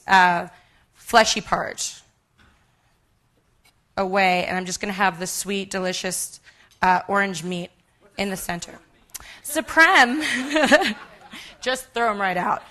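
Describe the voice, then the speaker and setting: A woman's voice: mid-range voice, unhurried, long pauses, fairly bright tone. A woman in her thirties giving a live cooking demonstration on a conference stage, chatty and self-deprecating with many ums. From United States.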